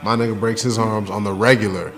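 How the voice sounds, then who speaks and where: A man's voice: fairly low pitch, steady tone, quick pace, fairly bright tone. A young man in casual chat with friends, arguing emphatically in heavy slang about anime.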